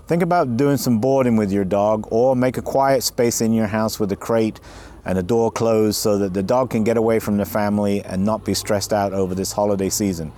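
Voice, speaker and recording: A man's voice: fairly low pitch, warm tone. A man reading a short, friendly, conversational advertisement. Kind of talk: read advertisement.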